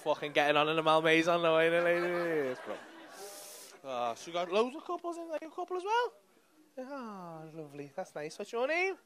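A man's voice: high-pitched, expressive, normal speed, noisy background. A man doing crowd work at a comedy club, bantering with the audience in brash, sweary, teasing talk. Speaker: stand-up comedian.

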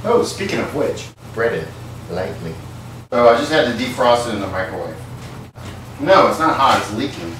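A man's voice: mid-range voice, big pitch swings, normal speed, fairly bright tone, a little hiss or hum. A man hosting a comedic home cooking show, rambling and swearing as he cooks after a few drinks. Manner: rambling, profane, tipsy banter while cooking. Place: home kitchen. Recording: very echoey kitchen, far from mic.

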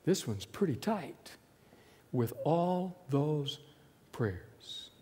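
A man preaching a sermon, telling a story in which he voices hushed dialogue between the listener and Jesus. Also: fairly high pitch, sing-song, very slow, slightly rough, in a large hall.

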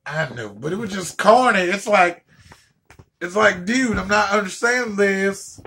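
High gravelly man ranting comically. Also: moderate pace. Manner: profane, repeats and stammers, animated. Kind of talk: comedic rant.

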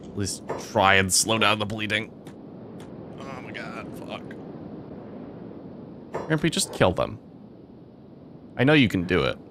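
A young man giving gameplay commentary, swearing often and breaking into excitable outbursts. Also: fairly low pitch, measured pace, long pauses, noisy background. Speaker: let's play host.

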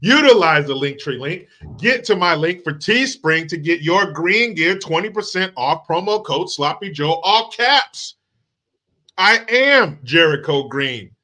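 Dude with a high bright voice, snarky sweary commentary on a clip. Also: male voice, lively intonation, a little slow. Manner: sarcastic, mocking, profane. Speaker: channel host.

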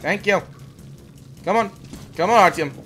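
A man's voice: high-pitched, a little slow, a bit bright, a little hiss or hum. A young man giving let's play commentary, jumpy and sarcastic, yelping when startled. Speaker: gamer.

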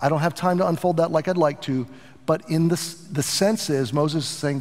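A middle-aged pastor preaching a sermon in an earnest, animated way, with asides to his congregation. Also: a little high, moderate pace, big-room sound.

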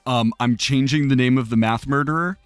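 A man's voice: medium pitch, fairly quick, clear, resonant tone, no echo, faint music behind. A man co-hosting a live-streamed talk show, chatting playfully with frequent fillers and laughter. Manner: playful and rambling, many fillers, laughs often. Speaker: podcast co-host. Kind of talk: casual chat, mock news segment.

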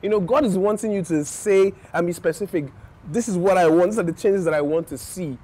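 A man with a fairly high voice responds to a recorded sermon, marveling and repeating his exclamations. He then lays out the lesson in a plain, conversational way. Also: brisk, mellow. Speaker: host commenting on a sermon clip. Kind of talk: casual commentary.

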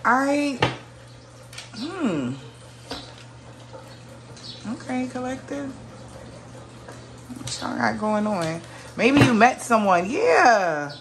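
A woman's voice: a little high, very animated, extremely slow, pauses often, background noise. A woman giving a casual tarot reading to her viewers, musing aloud, often exclaiming and trailing off mid-sentence. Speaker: tarot reader.

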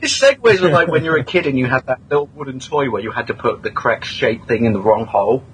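A man's voice: medium pitch, animated, fast, a bit bright, a little hiss or hum, poor audio. A man co-hosting a podcast in casual banter, making crude, teasing jokes. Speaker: podcast co-host.

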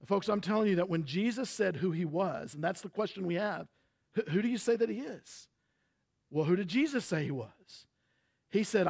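Texan pastor, male, high-pitched and gravelly, preaching with emphasis. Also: darkish tone. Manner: emphatic preaching, rhetorical questions. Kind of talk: sermon.

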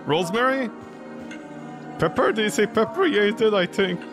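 High, lively man yelping over game music. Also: fast. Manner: excitable, yelping and joking. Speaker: streamer playing a horror game. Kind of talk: let's play commentary. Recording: game music playing behind voice.

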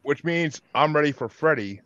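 A man's voice: on the high side, expressive, moderate pace, fairly bright tone. A man hosting a podcast in casual group chat, running a bracket vote and teasing his guests with crude jokes. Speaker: podcast host. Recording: dull lo-fi call audio.

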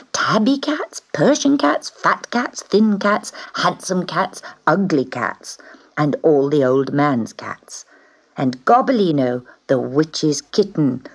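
A woman reading a children's storybook aloud in an expressive way, dipping into whispers on key words. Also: lowish voice, gravelly, breathy edge.

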